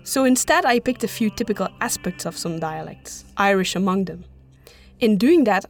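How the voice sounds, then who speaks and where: A woman giving candid, self-deprecating behind-the-scenes commentary as co-creator and voice actor of an audio drama. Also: mid-range voice.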